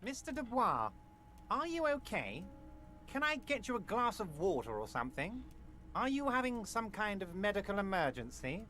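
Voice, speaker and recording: An actor voicing a large, smooth-talking union boss in a video game, folksy and reassuring with a needling edge. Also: male voice, high-pitched, huge pitch swings, normal speed, bright, forceful tone, full character voice. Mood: concerned.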